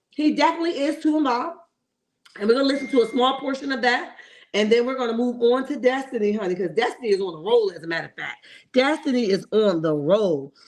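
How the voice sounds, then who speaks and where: A woman's voice: a little high, fairly quick. A woman hosting a casual reality TV commentary livestream, opinionated and chatty, greeting viewers in the chat and checking in with "okay?".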